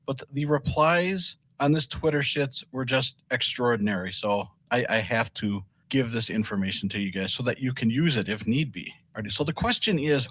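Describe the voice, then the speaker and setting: A man hosts a comedy podcast segment, reading tweets one after another in a middle-pitched voice. He keeps it light and laughs between the lines. The sound is dry and close. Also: a bit bright, dry recording. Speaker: segment host.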